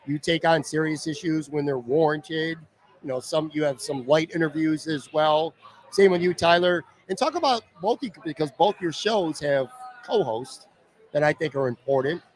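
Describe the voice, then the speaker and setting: A man's voice: a little high, normal speed. Earnest man hosting a live podcast. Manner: earnest, asks long rambling questions. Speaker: podcast host. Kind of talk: live podcast interview in a bar. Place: pizza bar.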